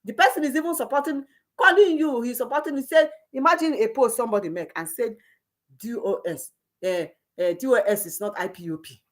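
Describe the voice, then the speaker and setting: A woman's voice: fairly high pitch, brisk. A middle-aged woman delivers a heated, scolding monologue. She repeats phrases and stumbles through restarts as she presses her point. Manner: heated, repetitive, scolding, with frequent stammered restarts. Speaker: political commentator. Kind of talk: impassioned monologue.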